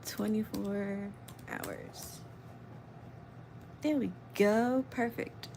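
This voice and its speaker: A woman's voice: medium pitch, fairly even intonation, drawn-out words, gravelly. A young woman chats casually on a livestream in a mid-range voice. She rants, repeats herself and curses in frustration. A faint ambient hiss sits under her voice. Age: young adult. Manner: frustrated, ranting, swears casually. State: shivering from cold.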